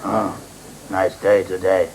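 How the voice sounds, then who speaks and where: A man's voice: sits low, level tone, slow pace, creaky, background noise, exaggerated voice. An actor playing a nervous male loan applicant who pleads timidly in a TV sketch. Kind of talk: 1980s TV sketch comedy.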